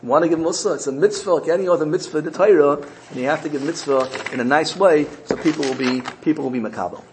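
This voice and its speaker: A man gives an earnest, animated Torah lesson, telling stories in a slightly high-pitched voice. Faint ambient noise sits under the recording. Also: quick pace. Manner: earnest, animated storyteller mixing Hebrew terms. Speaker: rabbi teaching a Torah class.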